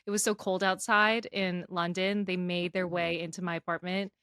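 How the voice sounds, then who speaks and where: A woman co-hosting a podcast in casual chat, full of fillers and quick asides. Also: on the low side, level tone, fairly bright tone, clear, resonant tone, no room sound, studio quality. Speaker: podcast co-host.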